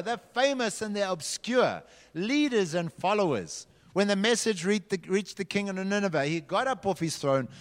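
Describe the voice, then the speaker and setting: A man's voice: sits high, fairly bright tone. A man leading a children's church group, telling a Bible story dramatically and directing the children to act it out. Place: large hall. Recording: long hall reverb.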